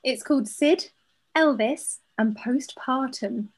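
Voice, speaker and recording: Husky woman, candid co-host. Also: high voice, slow pace. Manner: candid, laughing often, self-correcting. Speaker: podcast co-host. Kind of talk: casual chat, reading a listener letter.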